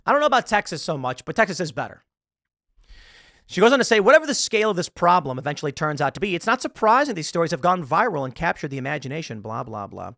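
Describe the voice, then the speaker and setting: A man in his thirties delivers a sarcastic, ranting political commentary monologue, scoffing at an article as he reads it aloud. His voice sits fairly high and leaps up and down in pitch. The sound is dry and close, with no room echo. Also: big pitch swings, quick pace, gravelly, a bit bright. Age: 30s. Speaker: commentary show host.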